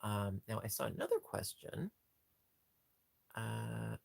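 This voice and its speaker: A man hosting a casual livestream chat, gushing and jumping into a squeaky high pitch over cute things, rambling with frequent restarts. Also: slow pace, vocal fry, no echo. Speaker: livestream host.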